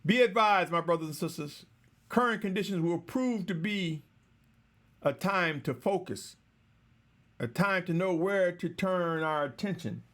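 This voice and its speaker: A man delivering a slow, measured, exhorting sermon, repeatedly addressing his listeners as brothers and sisters. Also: sits high, lively intonation, a bit bright. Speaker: preacher.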